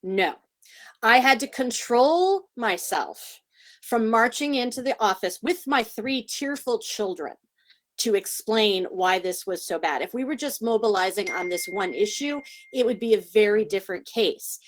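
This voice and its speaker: A woman's voice: fairly high pitch, animated, measured pace. Impassioned woman parent at a meeting. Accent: Chicago. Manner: impassioned, emphatic, repeats herself. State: emotional. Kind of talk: public comment at a school council meeting.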